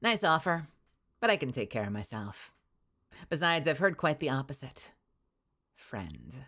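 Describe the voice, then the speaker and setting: A woman's voice: low-pitched, sing-song, measured pace, a bit bright, exaggerated voice. A woman voicing a cool, self-reliant stranger who turns down an offer in a dry, clipped way. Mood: wary.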